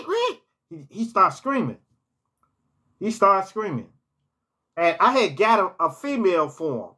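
Man, casual storytime vlog, slightly high voice, slow unhurried delivery, rambling repeats. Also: fairly bright tone. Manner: rambling, repeats words and restarts phrases. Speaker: vlogger telling stories.

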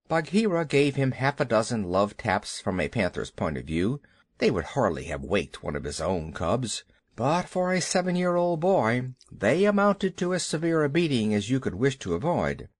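A man reading a children's audiobook as narrator, unhurried and expressive. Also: medium pitch, dry recording, studio quality. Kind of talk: scripted storybook narration.

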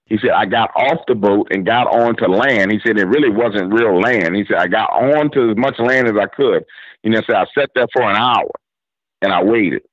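At normal speed and with no room sound, a lowish-voiced man from New Orleans, Louisiana, spins a story as a radio show guest. His accent is distinctly New Orleans, his slang drawling and casual, and he plays both speakers in the exchange. The recording has dull lo-fi radio sound.

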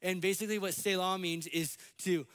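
American pastor guy preaching in church, kinda high voice, gets animated. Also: fairly quick. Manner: animated, acts out quoted voices. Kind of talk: sermon. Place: church sanctuary.

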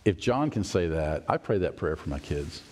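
Husky-voiced preacher with lively pitch. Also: male voice, normal speed. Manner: storytelling preacher, acts out voices and asides. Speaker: pastor. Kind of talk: sermon.

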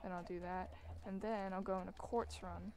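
A woman hosting a gaming video, chatting casually as she plays. She mocks herself and breaks into loud, excited exclamations. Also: medium pitch, normal speed, a little hiss or hum. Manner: excitable, self-mocking, bursts into loud exclamations. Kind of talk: casual gameplay commentary. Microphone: desk microphone while gaming.

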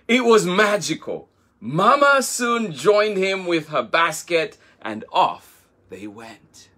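Slow, expressive man reading a storybook. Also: high voice. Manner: slow, expressive read-aloud. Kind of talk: children's picture book reading.

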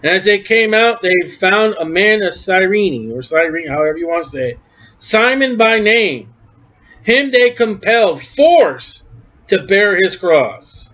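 A male preacher with a high voice delivers a fervent sermon. He swings between low, quiet stretches and shouted peaks. The recording sounds dull and lo-fi. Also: lively intonation, measured pace.

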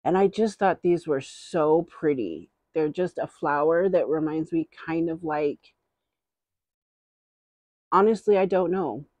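A woman's voice: sits low, a little slow, a little mellow, no room sound. A middle-aged woman vlogger in casual, rambling haul chat, giggling often.

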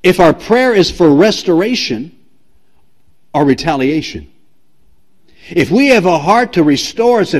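A man's voice: fairly high pitch, animated, unhurried, pauses often. A man preaching a sermon as pastor, emphatic and repetitive, asking the congregation direct questions. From United States.

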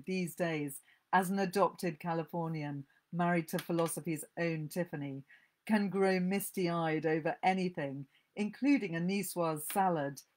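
A woman's voice: lowish voice, darkish tone, natural voice. A woman reading aloud the voice of a caustic, scornful middle-aged mother from a short story, with a dry, cutting delivery.

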